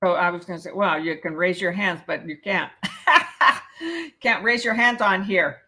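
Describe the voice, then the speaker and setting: A woman's voice: fairly low pitch, brisk, bright, forceful tone. A woman teaching a live real estate exam prep class, reading questions aloud and explaining the answers, often checking in with "okay?".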